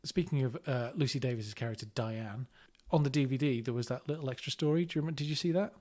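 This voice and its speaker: A man's voice: medium pitch, fast, warm tone. A man co-hosting a film podcast, chatting casually and telling rambling stories with fillers and restarts. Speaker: podcast co-host. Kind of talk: casual chat about films.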